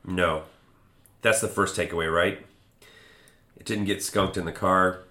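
A man's voice: sits low, fairly even intonation, a little slow, sharp tone, reverberant. A man hosting a casual beer-tasting podcast, joking and swearing freely. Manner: joking, profane banter. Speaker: podcast host.

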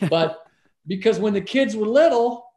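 A man's voice: high voice, moderate pace. A middle-aged man telling a story as a guest in a casual interview, acting out the voices of the people in it. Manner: animated storyteller, acts out voices. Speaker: podcast guest, businessman. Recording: roomy echo.

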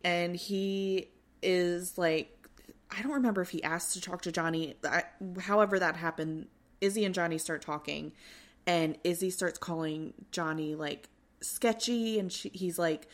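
A woman co-hosting a podcast, casually recapping a reality show, animated and swearing freely as she acts out what people said. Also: fairly low pitch, measured pace. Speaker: podcast co-host.

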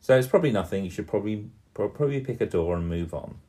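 A man in his fifties narrating a tabletop game for a small child in a slow, gentle storytelling voice, often pausing to ask her questions. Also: lowish voice, lively intonation. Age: 50s. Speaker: game master.

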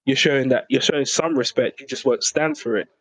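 A young British man co-hosting a casual podcast chat, animated and quick to act out quoted voices, with laughs. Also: mid-range voice. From Britain. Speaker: podcast co-host.

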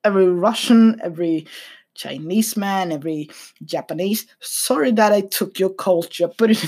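Slow, husky young man rambling. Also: high voice. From Sweden. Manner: hesitant, full of restarts, dry deadpan humor. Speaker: vlogger. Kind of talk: casual rambling commentary. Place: at a computer desk. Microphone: computer mic.

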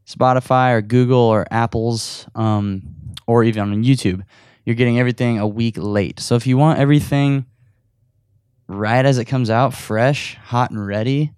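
A man's voice: medium pitch, a little mellow, clean tone, no room sound, studio quality. A young man hosting a casual solo podcast while playing a video game at home, rambling and self-deprecating, a bit out of breath. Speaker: podcast host. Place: his room at home. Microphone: audio recorder.

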